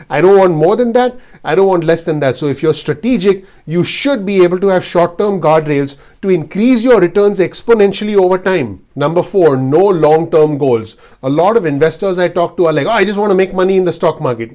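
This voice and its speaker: A man's voice: sits high, a little mellow. A man giving blunt, earnest investing advice straight to his video audience. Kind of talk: direct-to-camera advice talk.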